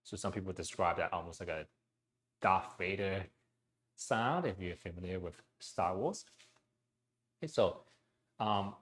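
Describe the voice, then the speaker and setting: A man leading a guided breathing exercise class into his own mic, speaking gently, with frequent "okay" and "um". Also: low voice. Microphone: personal mic.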